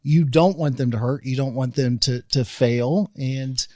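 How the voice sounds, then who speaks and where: Middle-aged male podcast host, chatty storyteller who often restarts sentences, average pitch, close and dry. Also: a little slow, a little mellow, no room sound. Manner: rambling with many restarts. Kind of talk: casual conversation, storytelling.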